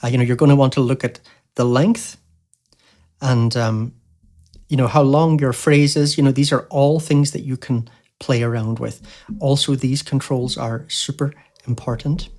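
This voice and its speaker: A man hosting a music software tutorial, explaining casually with lots of fillers like "you know" and "um". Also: medium pitch, steady tone, moderate pace. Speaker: tutorial host. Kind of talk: screen-recorded software tutorial.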